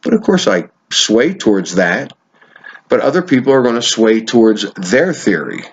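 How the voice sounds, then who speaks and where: A man telling a story in a casual monologue, animated and swearing now and then as he acts out what people said. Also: on the low side, moderate pace, husky. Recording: dull lo-fi sound.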